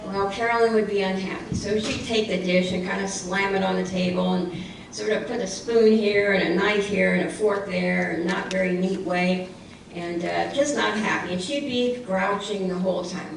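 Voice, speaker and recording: A woman tells a children's story at church, lively and expressive, repeating key lines. She is far from the mic in a very echoey room, with a faint hiss under her voice. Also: mid-range voice, normal speed, gravelly. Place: church hall.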